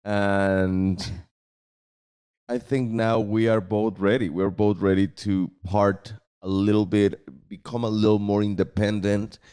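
A man's voice: fairly low pitch, flat delivery, mellow, smooth. A man co-hosting a podcast, speaking earnestly in casual chat, stopping and restarting his sentences. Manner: earnest, halting, restarts often. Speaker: podcast co-host.

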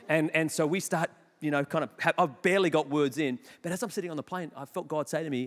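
A man preaching a sermon, telling chatty stories with quick self-mocking asides. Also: fairly high pitch, a bit bright. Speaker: pastor. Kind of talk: sermon with storytelling. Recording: long hall reverb.

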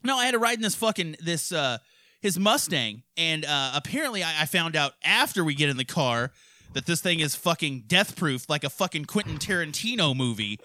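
A man from hosting a podcast, telling crude stories in a rowdy, profane, animated way. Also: on the high side, fairly quick, no echo, clean studio sound. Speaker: podcast host. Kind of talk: crude casual storytelling.

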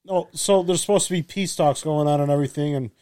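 A man's voice: a little high, quick pace, a crowd in the background. A man co-hosting a podcast, talking loosely and profanely, trailing off mid-sentence. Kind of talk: casual chat.

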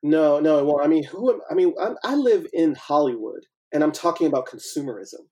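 A man talking as a podcast guest in an earnest, animated way, laughing often. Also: a little high, brisk, background noise. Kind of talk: casual conversation.

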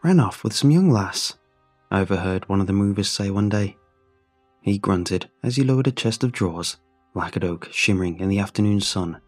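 A man narrating a first-person story in a measured, reflective way. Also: deep voice, steady tone, darkish tone, faint music behind.

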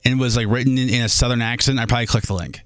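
A man's voice: mid-range voice, steady tone, very fast, fairly bright tone, no room sound. A man from Minnesota hosting a radio show, rambling and teasing in casual banter. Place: radio studio.

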